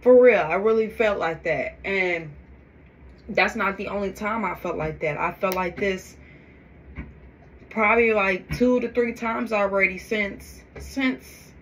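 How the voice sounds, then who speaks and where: A woman vlogging to her phone camera, talking in a forceful, preachy, emphatic way about faith. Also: mid-range voice, measured pace, slight background noise. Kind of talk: faith-filled get-ready-with-me vlog.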